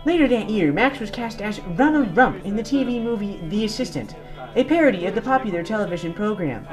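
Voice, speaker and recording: Young guy narrating a mock documentary, deadpan. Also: high-pitched, fairly quick. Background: guitar music.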